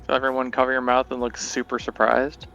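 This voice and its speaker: A man's voice: mid-range voice, completely flat delivery, fast talker, gravelly, a bit bright, muffled recording, soft background music. A man player in a casual tabletop game, dropping dry wisecracks.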